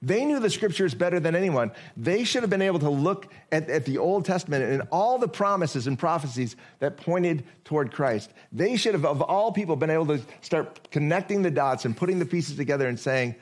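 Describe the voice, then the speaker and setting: A pastor with a somewhat high male voice delivers a sermon. He talks to the congregation in a conversational way, asking rhetorical questions. He slows down to read scripture deliberately. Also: expressive. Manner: reads scripture slowly and deliberately.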